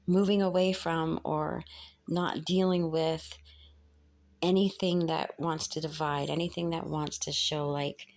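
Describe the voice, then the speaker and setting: Low-voiced woman giving a tarot reading. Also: flat delivery, a little mellow. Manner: halting, searching for words, earnest. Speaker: tarot reader. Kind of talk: casual spoken tarot reading.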